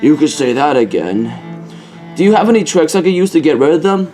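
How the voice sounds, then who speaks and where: A man's voice: a little high, very animated, fairly quick, mellow, soft background music. A man voicing a whiny hiccuping cartoon wolf. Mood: exasperated. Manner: whiny and exasperated complaints. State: suffering from hiccups. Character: blue male wolf hero, easily annoyed. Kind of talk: homemade toy-animal story.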